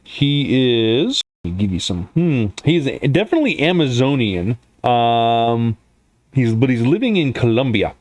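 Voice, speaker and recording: A man's voice: medium pitch, very animated, measured pace, darkish tone, dry recording. A man narrating a tabletop role-playing game as game master, in a loose way with frequent fillers. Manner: loose, many fillers and restarts, laughs easily.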